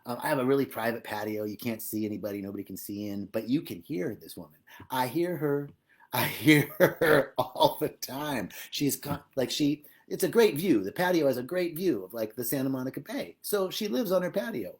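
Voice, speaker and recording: A man giving a live-streamed spiritual talk, animated and emphatic, often laughing as he speaks. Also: medium pitch, normal speed. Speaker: spiritual teacher.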